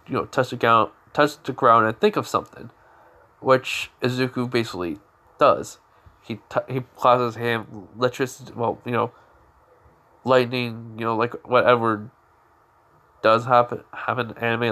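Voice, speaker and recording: A man spinning an improvised fan-fiction story off the top of his head, rambling and stopping to correct himself. His voice sits at a medium pitch for a man. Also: pushed and bright. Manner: rambling, many fillers and restarts.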